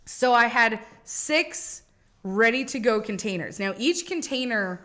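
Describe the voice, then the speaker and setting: A woman's voice: a little high, animated, measured pace, pushed and bright, a little hiss or hum. A young woman co-hosting a podcast, telling rambling stories in casual chat, swearing and laughing often. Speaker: podcast co-host.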